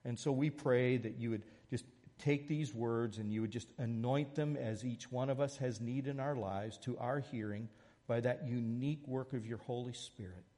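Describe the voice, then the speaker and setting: A man preaching a sermon, moving between a soft prayer and a lively illustration. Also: mid-range voice, moderate pace, in a large hall. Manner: storytelling, shifts from soft prayer to lively anecdote. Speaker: pastor.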